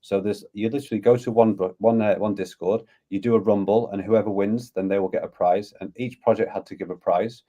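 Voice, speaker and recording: A man's voice: on the low side, fairly even intonation, fairly quick, few pauses, dark tone. A man, a guest on a podcast, talking eagerly and at length in a casual conversation. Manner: eager, rambling, talks at length. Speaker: guest, crypto community founder.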